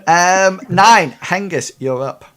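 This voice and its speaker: A man running a tabletop game online as game master, hesitant and full of pauses and restarts. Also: sits high, pushed and bright.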